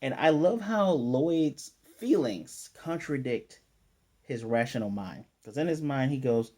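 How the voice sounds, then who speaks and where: Male anime reviewer, relaxed and mellow, animated casual recap. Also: mid-range voice, a little slow. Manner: animated retelling, acting out characters' lines.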